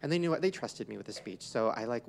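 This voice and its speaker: A young man hosting a podcast, telling gossipy stories in an excitable, casual way with a lot of swearing. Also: mid-range voice, fast talker, gravelly, a little hiss or hum. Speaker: podcast host.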